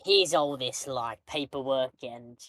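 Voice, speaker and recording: A man voicing a slippery little grey rat man with a put-on British accent, loud and improvised. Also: mid-range voice, a little slow, natural voice. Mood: cheeky. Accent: put-on cockney-style British.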